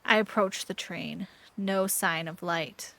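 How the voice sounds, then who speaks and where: A woman's voice: fairly low pitch, slow pace, vocal fry. Playful woman reading a mystery aloud. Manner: playful, animated. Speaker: streamer reading an interactive mystery book. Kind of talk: dramatic read-aloud narration.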